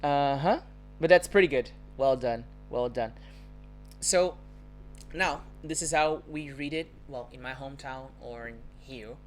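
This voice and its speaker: A woman's voice: very deep voice, faint music behind. A Brazilian woman with a Brazilian accent, a native Portuguese speaker teaching pronunciation on a live stream and repeating each word twice. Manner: models words slowly, repeating each twice. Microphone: phone or computer mic on a live stream.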